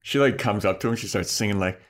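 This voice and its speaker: A man's voice: on the low side, quick pace. A man co-hosting a podcast, casually recapping a TV episode in a laid-back, laughing way. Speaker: podcast co-host.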